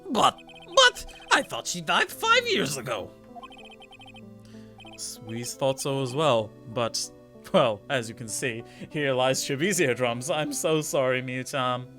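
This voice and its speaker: A man's voice: medium pitch, measured pace, soft background music. A man streaming a courtroom game, reading out characters and joking with his co-streamer. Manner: animated, jokey, switches into character voices. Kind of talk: let's play commentary with character readings.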